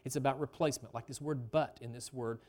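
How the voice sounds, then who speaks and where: With a steady, slightly mellow mid-range voice and a quick pace, a pastor preaches in a conversational style. He frequently questions the congregation and stretches out important phrases to stress them.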